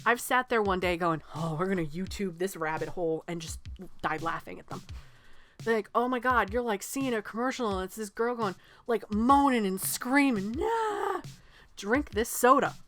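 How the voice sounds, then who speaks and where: A woman's voice: mid-range voice, moderate pace. Woman from new england in her 30s, chatty podcast cohost, tells stories big and does little voices. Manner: animated storyteller, swears freely, acts out quotes. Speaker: podcast co-host. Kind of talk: casual chat about movies.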